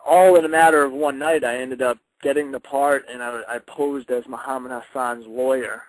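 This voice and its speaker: Animated young man telling wrestling stories. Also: medium pitch, moderate pace, no echo, poor audio. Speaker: wrestler guest. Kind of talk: casual radio interview storytelling.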